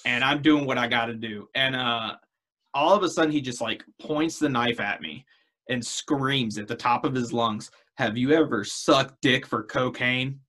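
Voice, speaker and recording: A man's voice: mid-range voice, normal speed, pushed and bright. A man in casual podcast chat, telling a long story in a rambling, profane way.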